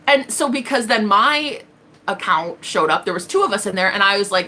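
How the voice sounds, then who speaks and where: Bright-voiced, defiant woman. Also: mid-range voice, fairly quick, a little hiss or hum. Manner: blunt, profane and defiant, tells stories with quoted voices. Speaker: tarot reader and livestream host. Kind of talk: casual livestream monologue.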